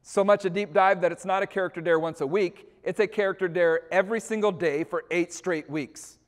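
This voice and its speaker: A man's voice: high-pitched, fairly even intonation, brisk. A middle-aged man leading a teacher training. He tells a personal story with animation and acts out the scenes. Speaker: staff trainer. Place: school hall or gym. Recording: long reverb of a large hall.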